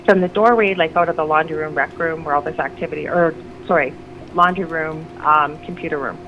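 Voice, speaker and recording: Low-pitched and fairly quick, this middle-aged woman shares a personal story as a guest on the radio. Her telling rambles, her sentences often start over, and she gets animated when quoting others, all on a lo-fi recording with audible background noise.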